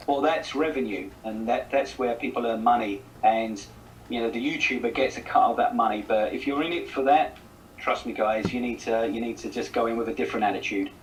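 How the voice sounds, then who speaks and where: A chatty man with a South East English accent, answering as a guest in a relaxed conversation. His voice sits a little away from the mic, with a faint hiss underneath, and his pitch is mid-range for a man. He rambles and repeats words as he goes. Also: a little fast, recorded from a distance, low-quality recording. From South East England. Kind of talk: casual chat.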